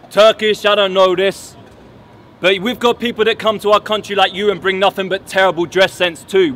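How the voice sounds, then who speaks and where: A man's voice: high voice, a bit bright, slight background noise. A man from England delivering mocking, boastful battle rap punchlines outdoors. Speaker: battle rapper. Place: outdoors at a battle event under a bridge.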